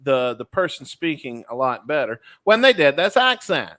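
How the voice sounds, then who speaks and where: A man's voice: on the high side, big pitch swings, normal speed, pushed and bright. A man co-hosting a podcast in casual chat, explaining things at length and often repeating himself. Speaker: podcast co-host.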